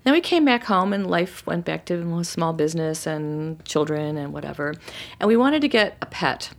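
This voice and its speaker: A middle-aged woman telling a personal story in a casual, animated way, acting out what people said. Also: low-pitched, normal speed. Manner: animated, acts out quoted voices. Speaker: storyteller guest.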